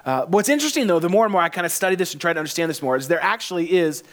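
Pastor guy in his 40s preaching, chatty and jokey, kinda high voice, repeats himself. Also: expressive, rapid-fire. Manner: conversational and joking, repeats phrases. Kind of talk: sermon.

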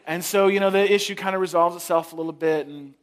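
A man's voice: high voice, steady tone, fast. A man in his thirties preaching a sermon, telling a family story and acting out the voices of his wife and little daughter. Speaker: pastor.

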